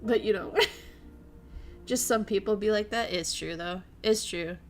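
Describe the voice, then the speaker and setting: A young woman streamer chatting casually with her viewers in an animated way and laughing often. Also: mid-range voice, a little slow, soft background music. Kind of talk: casual chat while streaming.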